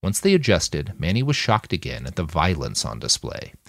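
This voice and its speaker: A man narrating an audiobook in an expressive storytelling manner. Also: low-pitched, moderate pace, no echo, clean studio sound.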